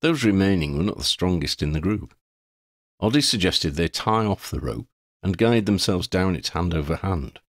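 A man's voice: deep voice, moderate pace, no echo, clean studio sound. A man reading a fantasy story aloud, narrating expressively. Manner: expressive reading, voices each character. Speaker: audiobook reader.

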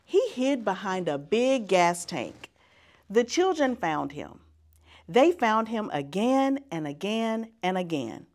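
A woman reading a children's picture book aloud as a guest reader, in an expressive storytelling manner. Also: mid-range voice, slow.

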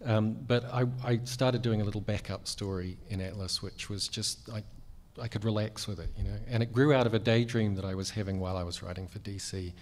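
Kiwi guy on a panel, lowish voice, wry and chatty, lots of ums. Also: fairly even intonation, fairly quick, few pauses, a little mellow. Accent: New Zealand. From New Zealand. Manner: self-deprecating, wry, chatty with many fillers. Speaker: cartoonist guest on a panel. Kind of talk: panel conversation. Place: convention panel room.

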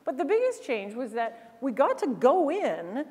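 A woman from Canada giving an animated storytelling keynote on a conference stage, often acting out other people's voices. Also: high voice, measured pace. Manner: animated, acts out quoted voices. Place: large conference hall. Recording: long hall reverb.

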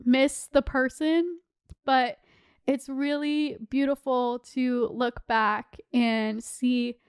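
A woman's voice: high voice, fairly even intonation, takes it slowly, clean tone, no room sound, clean studio sound. A woman in her twenties hosting a podcast, giving casual heartfelt advice with lots of "like" and "you know". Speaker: podcast host.

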